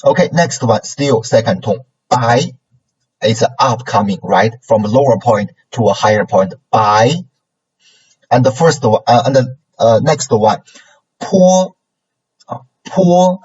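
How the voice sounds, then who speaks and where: A man's voice: lowish voice, normal speed, a little mellow, slightly rough. A man teaching a language lesson, patiently modelling sounds and checking in with "right?" after each point. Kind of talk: classroom lesson. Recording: dull lo-fi recording.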